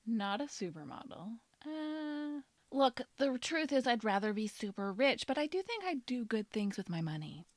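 A woman's voice: on the high side, very animated, moderate pace, no echo. A woman co-hosting a podcast, in casual, chatty talk with frequent laughter. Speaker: podcast co-host. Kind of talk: casual chat.

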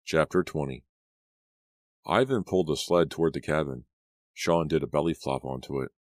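A man narrating an audiobook in the first person, with a measured storytelling delivery. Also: very deep voice, no echo, clean studio sound.

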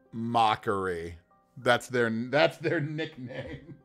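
A man chatting casually on a livestream as a game master, building characters by rolling dice, animated and laughing often. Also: mid-range voice.

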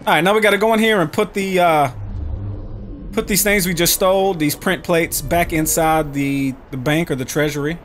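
Over background music, this man talks at a normal speed in a somewhat bright, higher-than-average voice. He's a gaming YouTuber doing profane gameplay commentary, joking brashly, mocking his opponents and addressing his audience.

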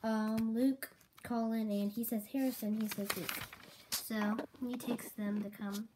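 A woman's voice: a little high, steady tone, a little slow, warm tone. A woman casually recapping her own homemade comic series, rambling along and quoting characters with "and he's like" over a noisy home recording. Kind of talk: casual rambling story retelling.

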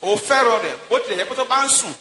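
Male church interpreter, rapid rhythmic relay, high and bright; long hall reverb, faint noise. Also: expressive. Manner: quick, rhythmic relay of each phrase. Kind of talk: live sermon interpretation.

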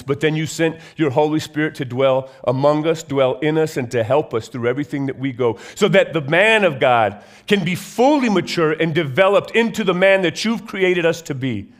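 Male pastor, sermon, slightly high pitch, emphatic rises and low slow drops. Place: church sanctuary.

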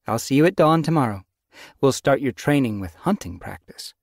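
A man doing a brisk she-cat mentor. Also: medium pitch, lively intonation, gravelly, no echo, studio quality, voice pushed up. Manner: brisk, instructive. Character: brisk female mentor cat, matter-of-fact.

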